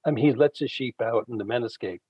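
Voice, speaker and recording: A man, a Bible scholar guest, retelling ancient stories in an unhurried conversational way with frequent fillers. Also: mid-range voice, mellow, breathy edge, no room sound, highs cut off. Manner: unhurried storytelling, frequent fillers, acts out quoted characters.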